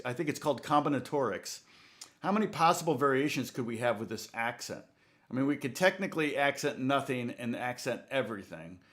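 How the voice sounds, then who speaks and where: A man's voice: on the high side, fairly bright tone. A man teaching guitar in a chatty, rambling way, laughing often and speaking to viewers by name, with guitar playing behind him. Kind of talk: live-streamed guitar lesson chat.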